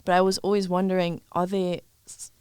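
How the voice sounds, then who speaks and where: A young speaker from Zimbabwe chatting on a podcast, lively and talkative, musing aloud. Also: medium pitch, a little fast, smooth, no room sound. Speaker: podcast guest. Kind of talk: casual podcast chat.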